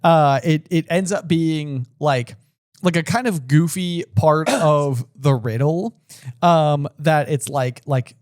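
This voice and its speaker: A man's voice: on the high side, takes it slowly, a little mellow, dry recording, clean studio sound. A man co-hosting a book podcast, chatting casually with lots of fillers and restarts. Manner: rambling, many fillers and restarts. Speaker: podcast co-host. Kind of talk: casual chat.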